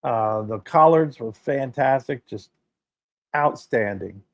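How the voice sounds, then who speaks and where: A man of middling pitch co-hosts a relaxed podcast chat. He tells stories with emphatic energy and swears now and then. The sound is dry and close to the mic. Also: slow, no room sound. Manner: emphatic, animated storytelling with swearing. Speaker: podcast co-host. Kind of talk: casual chat.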